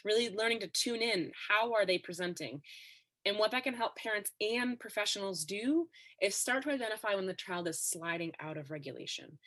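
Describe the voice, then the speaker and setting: A woman guest on a podcast interview, explaining ideas in a steady, instructive way. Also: medium pitch. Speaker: expert guest.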